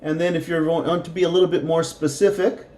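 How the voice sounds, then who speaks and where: A man teaching a beginner language lesson, repeating words slowly and patiently for practice. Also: fairly high pitch, level tone, a little mellow, reverberant. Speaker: Spanish teacher.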